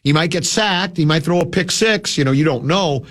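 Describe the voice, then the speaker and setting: On his sports talk radio show, a man sounds lower than usual because of a cold, though his voice is normally whiny and nasal. He speaks at normal speed with a slightly bright tone, rambling and restarting his sentences.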